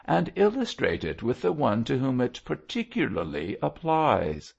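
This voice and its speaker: A man's voice: medium pitch, sing-song, a little slow, gravelly, slightly rough, voice pushed up, full character voice. A man voicing a blunt, tart old woman. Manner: tart, speaks her mind. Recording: dull lo-fi audio.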